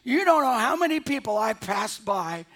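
A man with a high-pitched voice preaching from the pulpit of a church. He tells a story from his own life in a lively, animated way and often chuckles at himself. The tone stays conversational even while he delivers a sermon. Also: moderate pace. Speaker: pastor. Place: church sanctuary.

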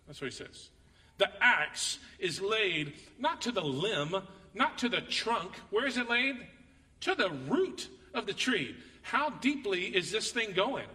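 A man preaching a sermon as pastor, reading scripture dramatically and telling stories with animated, acted-out quotes. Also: high voice, measured pace, long reverb tail, recorded from a distance.

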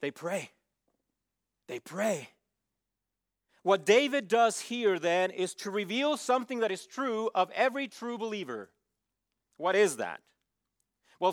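A man's voice: high voice, fairly bright tone, no room sound, studio quality. A man preaching a sermon with emphasis, posing questions for the listeners to answer. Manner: emphatic, asks the congregation to fill in words. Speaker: pastor.

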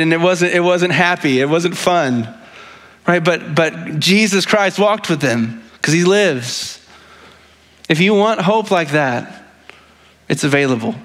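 A male pastor with a highish, fairly bright voice gives a sermon that feels like conversation. He's earnest, keeps restarting his sentences, and often asks his listeners "right?"

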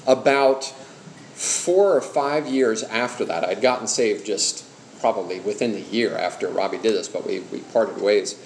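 A man's voice: fairly low pitch, measured pace, gravelly. Middle-aged man, pastor, conversational church teaching, asks the room questions, echoey room, faint background hum. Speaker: pastor teaching an evangelism class.

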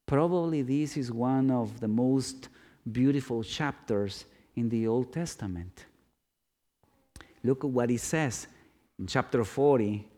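A man preaching a sermon, dramatic, swinging from loud questions to hushed, low-spoken lines.

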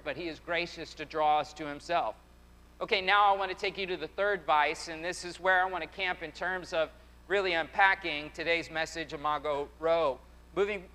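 Bright, high-voiced preaching man. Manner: emphatic, repeats phrases, preaching cadence. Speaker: pastor. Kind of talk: sermon. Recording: long hall reverb.

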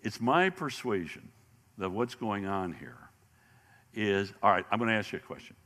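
Male Bible teacher, lively and bright-voiced, restarts and repeats words, long hall reverb. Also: fairly low pitch, normal speed. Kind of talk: sermon-style Bible lesson.

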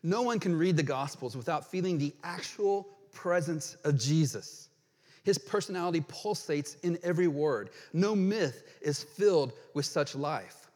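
A man preaching a sermon as pastor, earnest and emphatic, reading quotations aloud and pausing to explain them. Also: a little high, lively intonation, darkish tone. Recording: long hall reverb.

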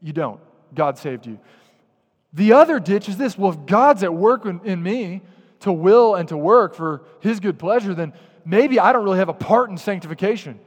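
A man preaching a sermon as pastor, lively and direct, sometimes acting out muttered grumbling. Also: sits high, normal speed, in a large hall. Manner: animated, acts out grumbling voices.

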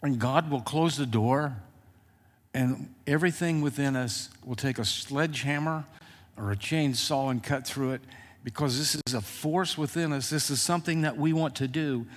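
A man preaching a sermon as pastor, speaking in a personal, emotional way with frequent halting restarts. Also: mid-range voice, big-room sound.

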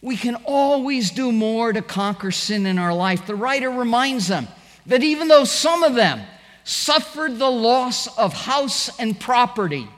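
A man's voice: sits high, fairly bright tone, in a large hall. A middle-aged man preaching a sermon, telling stories animatedly and acting out the quoted voices. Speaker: pastor.

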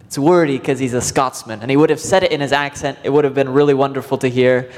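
A man's voice: mid-range voice, fairly even intonation, quick pace, hardly any pauses, a little mellow, long reverb tail. A man preaching a sermon as pastor, earnest and vivid, stretching out words for emphasis.

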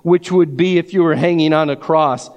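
A man's voice: fairly high pitch, fairly even intonation, normal speed, darkish tone. A man preaching a sermon, reading scripture aloud and building to fervent emphasis. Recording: long hall reverb.

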